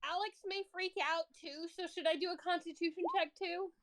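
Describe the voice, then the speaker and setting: Woman player, high voice, blunt, swears, casual game chat. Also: steady tone, brisk, a bit bright. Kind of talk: casual tabletop game play.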